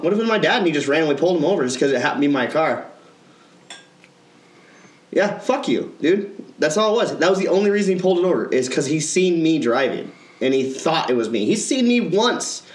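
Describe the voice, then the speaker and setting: Animated swearing man telling a story. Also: a little high, roomy sound. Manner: profane, animated ranting. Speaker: podcast co-host. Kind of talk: casual storytelling.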